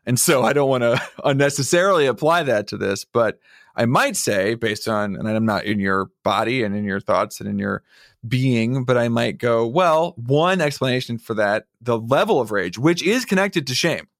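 A man co-hosting a podcast who speaks in a measured, reflective, thoughtful way. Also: mid-range voice, lively intonation, a bit bright, dry recording, clean studio sound. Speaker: podcast co-host. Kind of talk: conversational chat.

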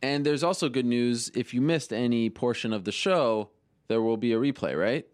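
A man hosting a show, chatting casually and teasing his co-hosts with quick questions. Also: medium pitch, dry recording. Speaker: host. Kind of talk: casual chat.

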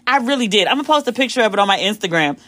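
An American woman hosting a podcast, telling a long casual story in an animated way, swearing freely and acting out the voices of people she quotes. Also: medium pitch, racing, no room sound. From United States. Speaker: podcast host.

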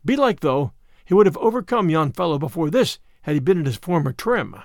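A bold, merry outlaw leader teases in a hearty voice that leaps around in pitch, played by a man reading a storybook. His manner is jovial and mocking, recorded close and dry. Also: sing-song, a little fast, gravelly, dry recording. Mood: musing.

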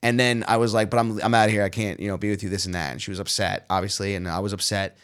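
A comedian guest in casual podcast chat, an animated storyteller who acts out the lines of the people in his stories. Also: fairly low pitch, racing.

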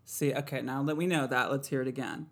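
A woman's voice: extremely low pitch, steady tone, quick pace, heavy background noise. A woman hosting a podcast in casual chat, playful and laughing often, with rambling asides. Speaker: podcast host.

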